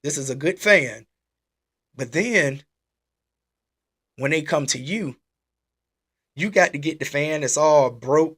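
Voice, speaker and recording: A man hosting a casual church-style live talk. He is animated and exclaiming, and he repeats his questions. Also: on the high side, unhurried, pauses often. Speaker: host. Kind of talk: casual preaching live stream.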